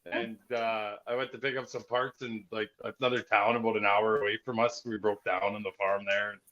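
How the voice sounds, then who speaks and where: A man's voice: lowish voice, flat delivery, a little fast, pushed and bright. Man, guest, easygoing, folksy storyteller, dull lo-fi sound. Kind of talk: casual chat. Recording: dull lo-fi recording.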